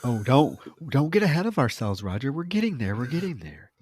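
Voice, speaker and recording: A man's voice: medium pitch, sing-song, brisk, darkish tone, slightly rough, no echo. A man co-hosting a podcast, recounting a film in casual chat and teasing his co-host playfully.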